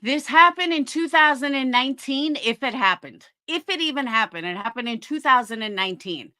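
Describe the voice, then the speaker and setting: A woman's voice: high voice, animated, fairly quick, sharp tone, dry recording, clean studio sound. A woman livestreaming, defending herself in an indignant, sarcastic tone while talking to her chat.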